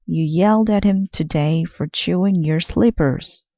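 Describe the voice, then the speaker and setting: A woman's voice: lowish voice, unhurried, no room sound, highs cut off. A woman reading aloud as a bossy young girl aardvark from a children's picture book, in a light playful voice. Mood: lively.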